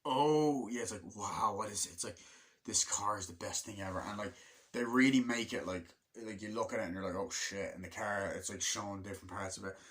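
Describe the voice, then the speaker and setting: Rambling, swearing young-sounding male film fan. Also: lowish voice. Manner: rambling and excitable, swears often, many fillers like "like"; acts out movie lines in quick put-on voices. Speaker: film reviewer. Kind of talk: casual rambling film review.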